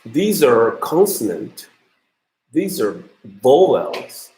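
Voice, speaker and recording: Slow, halting lecturer in an echoey room. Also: male voice, mid-range voice, big pitch swings, darkish tone. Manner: halting, many ums and uhs. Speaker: university lecturer. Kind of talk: classroom lecture on pronunciation.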